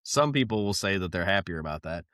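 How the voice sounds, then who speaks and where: A man's voice: deep voice, lively intonation, fast talker, fairly bright tone, dry recording, clean studio sound. A man co-hosting a podcast, chatting casually in a rambling, profane way and laughing often. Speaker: podcast co-host. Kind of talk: casual banter. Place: South Carolina.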